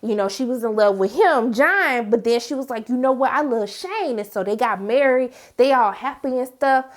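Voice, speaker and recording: A woman's voice: on the high side, moderate pace. A woman casually recapping a reality TV episode as host, acting out what people said in exaggerated voices. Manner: animated, acts out quotes in exaggerated voices.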